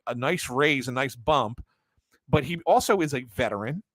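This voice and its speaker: A man's voice: mid-range voice, animated, normal speed, fairly bright tone, no room sound. Analytical male sports co-host. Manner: analytical, explains at length with many fillers and restarts. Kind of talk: casual sports talk show.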